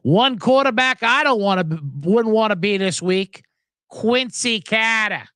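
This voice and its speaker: A man doing a gruff Boston sportswriter. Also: high voice, a little slow, sharp tone, no room sound, clean studio sound, pitched above the performer's own voice. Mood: wry. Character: gruff older male sportswriter with Boston accent.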